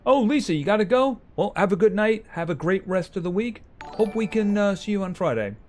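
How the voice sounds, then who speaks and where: A man's voice: high voice, expressive, brisk, soft background music. A man streaming a farming game live, chatting casually with his viewers as he plays. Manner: chatty, talks to game animals and reads chat aloud.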